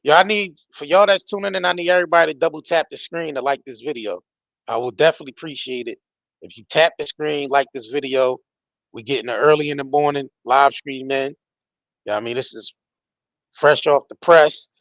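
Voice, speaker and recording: Guy hosting a live stream, kinda high voice, slangy and emphatic, cussing, dull dry lo-fi audio. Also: fairly quick, creaky, fairly bright tone, no echo. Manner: loose slangy talk, emphatic, swears freely. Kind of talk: casual live-stream commentary reading social posts.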